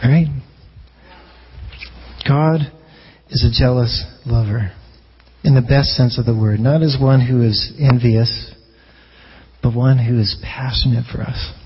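A man's voice: mid-range voice, fairly even intonation, slow, pauses often, breathy edge, highs cut off. A man preaching a sermon as a pastor in a conversational way, often restarting phrases and asking rhetorical questions.

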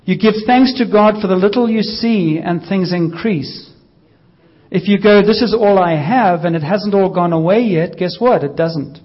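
A man leading a casual church healing session, gently coaxing and joking with the congregation. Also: high-pitched, moderate pace, highs cut off. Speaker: pastor leading healing prayer.

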